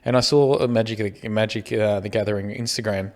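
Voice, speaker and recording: A man's voice: fairly low pitch, steady tone, a little fast, darkish tone. A middle-aged Australian man co-hosting a casual podcast chat, rambling along with many restarts. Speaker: podcast co-host.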